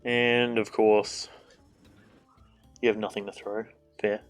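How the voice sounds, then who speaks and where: A man's voice: lowish voice, level tone, takes it slowly, faint music behind. A man streaming a game, chatting casually, joking and swearing, and reading the game's dialogue aloud. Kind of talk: casual gameplay commentary.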